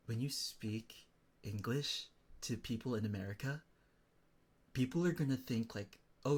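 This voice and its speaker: A man streaming and chatting casually with his viewers, animated and addressing chatters by name. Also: mid-range voice, slightly rough.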